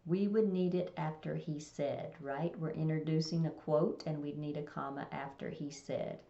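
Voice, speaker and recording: Low-voiced woman explaining commas, kinda roomy muffled recording. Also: fairly even intonation, moderate pace, gravelly, mellow. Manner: plain explanatory, reads example sentences aloud. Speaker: teacher. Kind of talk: recorded test-prep lesson. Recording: echoey room, dull lo-fi sound.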